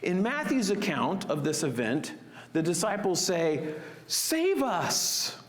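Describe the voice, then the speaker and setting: A man preaching a sermon as pastor, expressive and acting out the disciples' panicked cries. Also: a little high, unhurried, big-room sound.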